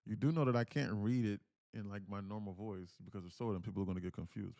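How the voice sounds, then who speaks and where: Gravelly, low-voiced man calling trades. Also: steady tone, quick pace, darkish tone, dry recording, studio quality. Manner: chatty, thanks viewers, switches to a higher put-on voice when reading comments. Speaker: day trader streaming live. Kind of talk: live trading commentary.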